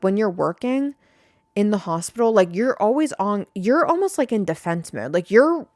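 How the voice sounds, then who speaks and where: A woman's voice: medium pitch, a little mellow, no echo, clean studio sound. A young woman hosting a casual podcast, rambling and swearing freely as she vents to her listeners. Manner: rambling, profane, fired-up. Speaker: podcast host.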